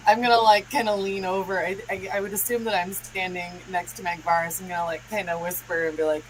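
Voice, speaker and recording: A woman playing a tabletop game, giggly and drawn-out. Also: lowish voice, steady tone, noisy background. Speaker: player.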